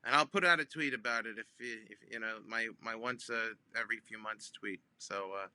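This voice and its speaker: A comedian, a man, telling a funny phone-call story in an animated way, with many ums and restarts, acting out both sides. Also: fairly low pitch, moderate pace, smooth, no echo. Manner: acts out both sides of phone calls with big voice jumps. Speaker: comedian guest.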